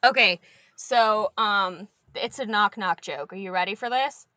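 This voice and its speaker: A woman's voice: mid-range voice, a little slow, bright, forceful tone, no room sound. A young woman and preschool teacher chatting as a podcast guest, telling stories animatedly and swearing casually.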